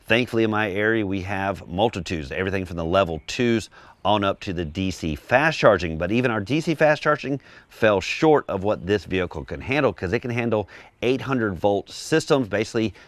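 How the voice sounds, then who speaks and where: Low-voiced man giving a casual car review. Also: fairly quick, dry recording. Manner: relaxed, descriptive and conversational.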